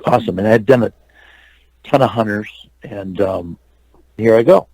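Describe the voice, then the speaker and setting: An older man, an actor and stuntman, telling lively anecdotes as a guest in an interview. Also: fairly low pitch, moderate pace, no echo, poor audio. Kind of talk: storytelling interview.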